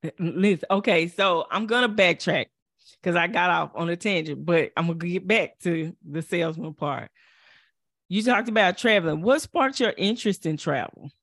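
A woman hosting a casual podcast who asks her questions briskly and laughs easily. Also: lowish voice, no room sound, clean studio sound. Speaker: podcast host.

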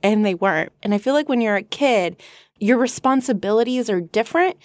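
A young woman co-hosting a casual book discussion podcast, animated and quick to laugh. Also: on the high side, no room sound, studio quality. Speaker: podcast co-host.

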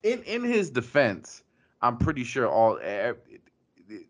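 A man's voice: mid-range voice, wildly swooping pitch, unhurried. A man in casual podcast chat, laid-back and jokey, often laughing.

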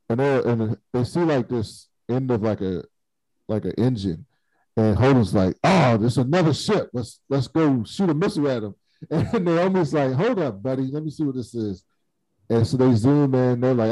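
A man's voice: medium pitch, mellow, dry recording, low-quality recording. A man in casual chat, animatedly retelling a TV episode and acting out the characters' lines. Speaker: podcast co-host recapping a TV episode.

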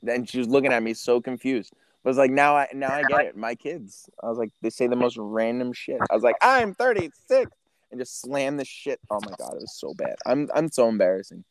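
A man in his thirties hosting a podcast, telling stories in a casual, animated way, swearing and acting out what people said. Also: medium pitch, brisk. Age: 30s. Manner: animated storyteller, swears, acts out quotes. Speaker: podcast host. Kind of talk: casual chat.

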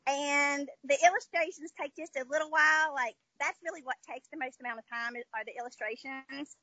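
A woman's voice: high voice, fairly quick, bright, forceful tone, dry recording, poor audio. A woman with a Southern American twang, a children's book author chatting upbeat in an interview, with many fillers. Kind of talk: casual interview chat.

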